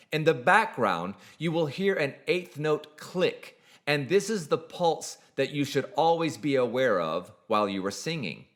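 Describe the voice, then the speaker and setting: Male voice teacher reading a prepared lesson, careful and exact, with a lively pitch contour. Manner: measured, precise, explanatory. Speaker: singing teacher. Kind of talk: scripted instructional narration.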